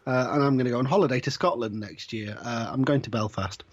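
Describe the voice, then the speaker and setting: A man co-hosting a casual chat, measured and dryly teasing. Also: mid-range voice, dull audio. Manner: measured, dry teasing, chuckles. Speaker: podcast co-host.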